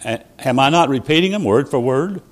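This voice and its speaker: A man preaching a sermon as a traveling preacher, telling stories with quoted dialogue and sudden loud rises and soft drops. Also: mid-range voice, animated, fairly quick.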